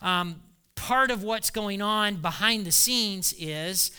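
A man preaching a sermon as pastor, animated, acting out quoted voices and laughing as he goes. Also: high voice, takes it slowly, clean tone.

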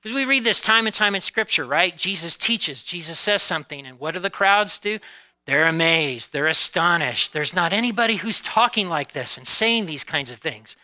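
A man's voice: a little high, expressive, bright, forceful tone, poor audio. A man preaching a sermon to his congregation, talking conversationally and often checking in with "okay?" and "right?". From United States. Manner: occasional laughs, varies pace from drawn-out emphasis to quick asides. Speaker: pastor.

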